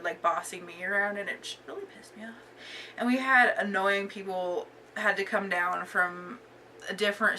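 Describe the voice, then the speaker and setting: A woman's voice: fairly low pitch, pushed and bright, far from the mic, slight background noise. A young woman vlogger telling a casual storytime, chatty and full of filler words.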